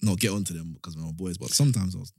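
A man who grew up in Jamaica, speaking with a Jamaican accent in animated, laughing casual chat on a podcast. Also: low-pitched, rapid-fire, creaky, husky, no room sound, clean studio sound.

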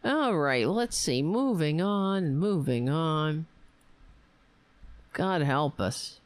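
Sarcastic, slow-talking woman ranting. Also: low voice, animated, no echo. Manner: sarcastic, profane, ranting with frequent asides; laughs at her own jokes. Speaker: political commentary host. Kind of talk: solo political commentary.

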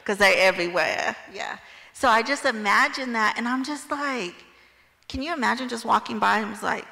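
A woman casually teaching a Bible passage in a chatty, animated way, full of "like" and "right?". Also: a little high, moderate pace, vocal fry, big-room sound. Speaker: Bible study leader.

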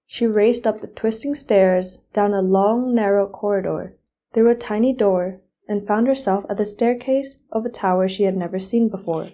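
Mellow-voiced teenage girl reading a tale. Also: mid-range voice, moderate pace. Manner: expressive read-aloud. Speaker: student reader. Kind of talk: storybook reading.

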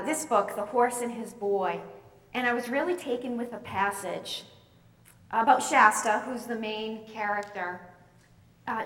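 A woman's voice: on the high side, a bit bright. A woman preacher giving a sermon, telling stories with emphatic, swelling delivery. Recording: echoey hall, voice from far off.

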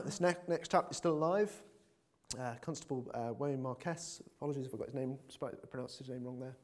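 Male preacher, mid-pitched, casual sermon delivery with ums, rising to fervent calls to the congregation. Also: fairly quick. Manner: earnest, hesitant with many fillers, builds to emphatic appeals. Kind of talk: conversational sermon.

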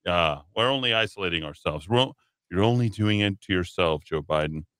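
A man's voice: deep voice, animated, fairly quick, a bit bright, clear, resonant tone, dry recording. A man hosting a talk radio show, riffing on the news with sarcastic, mocking asides into a studio mic.

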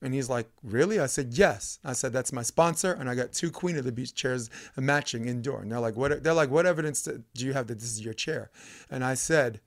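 Guy with a gravelly voice telling a coaching story, lively, acts out the lines. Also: mid-range voice, a little fast. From United States. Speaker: podcast guest, volleyball coach. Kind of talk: casual storytelling chat.

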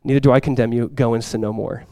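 A man's voice: mid-range voice, fairly even intonation, quick pace, dry recording. Man preaching a passionate sermon. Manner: impassioned preaching, swells loud for quoted cries then drops soft. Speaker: pastor. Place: church sanctuary before a congregation.

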